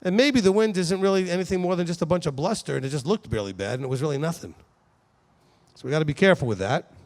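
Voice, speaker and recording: A man's voice: on the high side, fast. A man giving a conversational Bible teaching to a congregation, asking the audience questions as he goes. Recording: long hall reverb.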